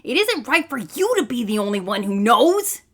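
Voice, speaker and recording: A woman voicing a sullen, jealous male scientist in a comic read-aloud, low and grudging. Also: very animated, normal speed, fairly bright tone, exaggerated voice.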